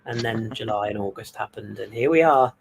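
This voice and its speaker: A man's voice: on the low side, fairly quick, vocal fry, background noise. A man hosting a podcast in casual, jokey chat. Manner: jokey, self-mocking banter. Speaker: podcast host.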